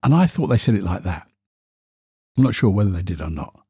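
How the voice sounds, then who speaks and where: Mellow husky man. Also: sits low, very animated, fairly quick, no room sound, studio quality. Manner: candid, self-deprecating storytelling. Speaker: podcast host. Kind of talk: solo podcast monologue.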